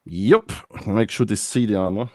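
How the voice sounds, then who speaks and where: A man's voice: lowish voice, normal speed, dark tone, dry recording, clean studio sound. A man playing in a tabletop game, talking bluntly and tersely. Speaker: player.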